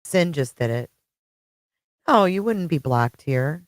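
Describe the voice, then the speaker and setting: A woman's voice: low-pitched, lively intonation, takes it slowly, no room sound. A middle-aged woman hosting a casual livestream, chatting with viewers and greeting them by name. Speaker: livestream host. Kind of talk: casual live-chat stream.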